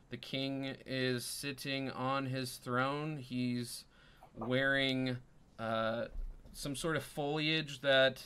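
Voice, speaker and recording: A man narrating as dungeon master in an unhurried way, pausing often with ums. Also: mid-range voice, pushed and bright, smooth. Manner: unhurried, many ums and pauses. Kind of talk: narrating a tabletop game.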